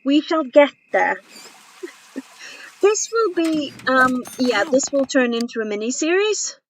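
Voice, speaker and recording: A woman streaming a game, chatting casually and rambling, with many pauses and ums. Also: sits high, sing-song, a little hiss or hum, rough recording. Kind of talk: casual chat while playing a game.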